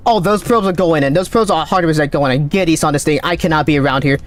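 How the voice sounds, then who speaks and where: A man streaming a game live, calling out readings with excited running commentary, his voice cracking. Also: a little high. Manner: excited, calls out numbers rapidly. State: voice cracking, thirsty. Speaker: gaming streamer.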